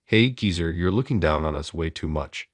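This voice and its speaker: Brief: low, husky young thugs, jeering, read by a man narrator. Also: lively intonation, moderate pace, no echo, studio quality. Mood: taunting. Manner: taunting, insulting. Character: three rude young male thugs.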